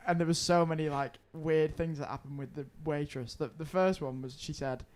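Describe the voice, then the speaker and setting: Rambling lad telling a story. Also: male voice, fairly high pitch, steady tone, moderate pace, darkish tone. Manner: rambling, swearing, laughing through his anecdotes. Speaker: podcast co-host. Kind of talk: casual chat, storytelling.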